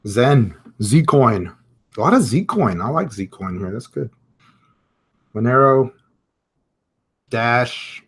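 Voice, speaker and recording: A man's voice: medium pitch, big pitch swings, drawn-out words, pauses often, breathy edge. Man, live stream host, casual market commentary, chatty, mid-range voice. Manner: chatty, reads viewer comments aloud, thinks out loud with fillers.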